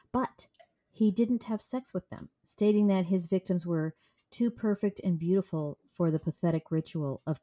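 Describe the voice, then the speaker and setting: A woman's voice: deep voice, warm tone. A woman with a cold co-hosting a true crime podcast, reading case notes and adding dry jokes. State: has a cold. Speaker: podcast co-host. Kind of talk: casual true crime chat.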